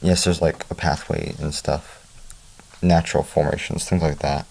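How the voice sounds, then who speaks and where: A book reviewer with a very deep, dark voice and some vocal fry recaps a story loosely and casually at normal speed. He throws in offhand asides as if telling a friend, keeping his tone relaxed and conversational.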